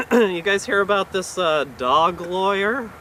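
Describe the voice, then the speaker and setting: A man doing a stand-up comedy set in an awkward, hesitant, deadpan way, with lots of fillers. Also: high voice, slow, a little hiss or hum. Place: live comedy venue.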